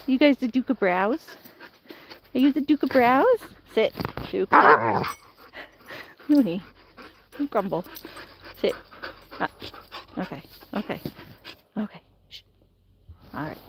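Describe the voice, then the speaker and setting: Outdoors near some woods, a woman vlogger who is dogsitting playfully gives commands to the dogs in a casual vlog. Her voice is a little high and expressive, slow with long pauses, and there's slight background noise.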